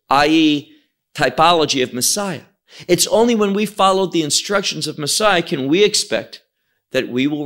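A man's voice: a little high, fairly bright tone. A man teaching the Bible verse by verse, explaining Hebrew terms and asking and answering his own questions.

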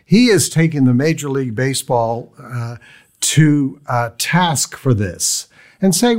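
A man's voice: medium pitch, lively intonation, a little slow. A man co-hosting a talk radio show, recapping a news story with plenty of hesitations. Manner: hesitant, lots of uh fillers. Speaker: radio co-host.

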